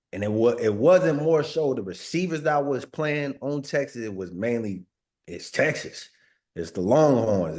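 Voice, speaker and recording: A man's voice: fairly low pitch, a little mellow. A man in his thirties from Northern California, a former pro football player telling stories in a sit-down interview, laid-back and full of slang, often saying "like" and repeating words. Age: 30s. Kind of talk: casual storytelling in a sit-down interview.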